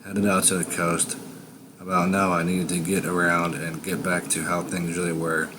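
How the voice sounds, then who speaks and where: A man with a very deep voice narrates a first-person horror tale. His delivery is a slow, menacing drawl. Steady background noise sits under the recording. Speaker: storyteller.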